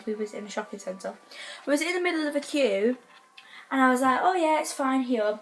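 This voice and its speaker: Vlogger, fairly high voice, excitable and rambling. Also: female voice. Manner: rambling, excitable, many restarts. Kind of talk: casual vlog storytelling.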